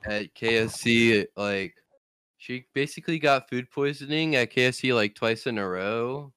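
A young man from Louisiana, a guest on a casual podcast, talking in halting bursts with restarts. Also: mid-range voice, a bit bright, smooth.

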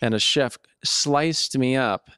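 A man's voice: mid-range voice, slow, pushed and bright, smooth, dry recording, clean studio sound. A man co-hosting a comedy podcast, rambling through absurd stories with stumbling restarts. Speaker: podcast co-host. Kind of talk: casual comedic storytelling.

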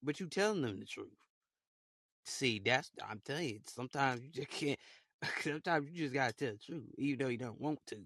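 A man's voice: medium pitch, animated, fairly quick, a bit bright, no room sound, studio quality. A young man hosting a casual solo podcast, talking in a rambling, repetitive, heartfelt way. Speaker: podcast host.

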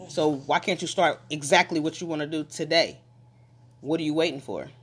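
A motivational speaker addresses listeners head-on with repeated, emphatic phrases. The delivery builds from reflective to forceful urging. Questions are fired straight at the audience, and the voice sits at a middle pitch.

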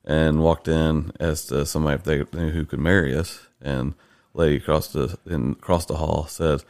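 A man tells a story in a low, gravelly voice, animated and laughing as he goes. The recording is dry and close-miked. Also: normal speed, no room sound. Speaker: podcast host interviewing his father. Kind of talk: casual chat.

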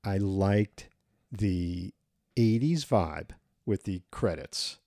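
A man co-hosting a podcast in casual chat, blunt with his opinions and quick to laugh. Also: sits low, expressive, dark tone, no room sound, studio quality. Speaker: podcast co-host.

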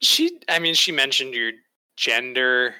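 Hesitant deadpan man with a bright voice. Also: medium pitch, unhurried, clean tone, no room sound, low-quality recording. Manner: deadpan, hesitant, with repeated flat refusals. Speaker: improv player in character. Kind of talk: improvised comedic role-play over a radio.

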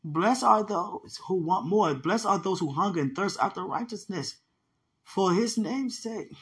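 A woman preaches at an ordinary middle pitch, in a conversational sermon style. She leans on repeated phrases and emphatic, direct address to her listeners. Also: animated, unhurried. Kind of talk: sermon-style teaching about a dream.

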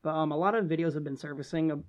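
A podcast co-host in casual conversation. The speech is animated and packed with "like"s and restarts. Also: mid-range voice, very fast, highs cut off. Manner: animated, heavy use of "like".

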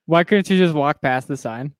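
A man with a slightly high voice puts probing, teasing questions to his co-host. The recording is dry and close, with no room sound. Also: normal speed, smooth, no room sound. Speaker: podcast co-host asking questions. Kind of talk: casual chat.

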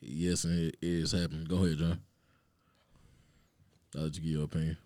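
A man's voice: rumbling low, flat delivery, brisk, a little mellow, no echo. A man co-hosting a podcast, joking around in loose, slangy casual chat. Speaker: podcast co-host.

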